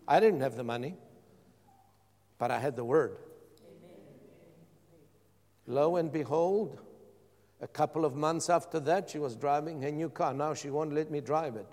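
A man's voice: on the high side, a little slow, pauses often, a little mellow. A man preaching a sermon as pastor, calling out questions to his congregation. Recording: long hall reverb.

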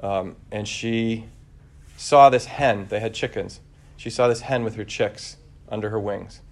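Low-voiced man giving a conversational homily. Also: measured pace. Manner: relaxed, searching, frequent fillers and restarts. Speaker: preacher.

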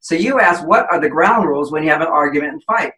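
Man, relationship expert guest, emphatic lecturing manner, bright voice, echoey room. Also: fairly high pitch, expressive, fast talker. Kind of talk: explanatory interview talk.

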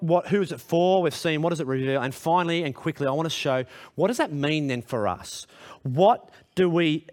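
A man preaching a sermon to a congregation in a church hall, earnest and direct, putting questions to his listeners. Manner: earnest, direct questions to the congregation, pitch rising when emphatic. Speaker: pastor.

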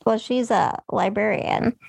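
A woman's voice: mid-range voice, measured pace, vocal fry, darkish tone, slightly rough, dry recording, rough recording. A woman co-hosting a casual chat, talking in a blunt, matter-of-fact way.

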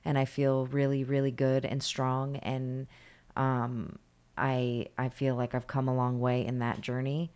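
A woman's voice: rumbling low, monotone, measured pace, darkish tone, smooth. A woman co-hosting a podcast, chatting casually in a laid-back, reflective way with short dry replies. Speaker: podcast co-host. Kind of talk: casual chat.

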